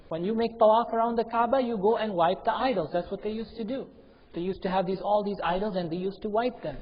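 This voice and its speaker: A man giving a Quranic commentary lecture in a mosque, emphatic and repeating key phrases, chanting Arabic verses between explanations. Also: high-pitched. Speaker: religious teacher. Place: mosque prayer hall. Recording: dull lo-fi with long hall reverb.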